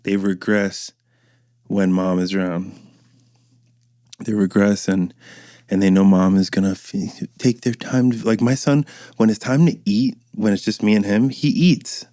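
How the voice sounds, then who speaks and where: A man's voice: fairly low pitch, fairly even intonation, a little slow, warm tone, dry recording, clean studio sound. A man in his thirties hosting a podcast, telling loose, profane stories and acting out quotes in a casual monologue. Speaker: podcast host.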